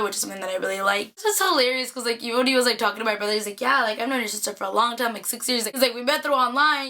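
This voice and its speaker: A young woman from the Bay Area recounts a story in a casual vlog, her speech rapid and peppered with "like." Her voice sits a little high, with a bright, forceful edge. The delivery stays animated and chatty throughout. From Bay Area, California. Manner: chatty, animated, lots of "like" fillers. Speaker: vlogger.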